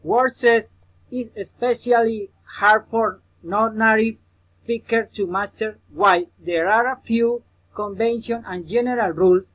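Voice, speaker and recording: High-voiced slow man teaching English. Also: a bit bright, lo-fi sound. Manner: slow, repetitive drilling of example words; addresses the listener as his student. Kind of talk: recorded pronunciation lesson.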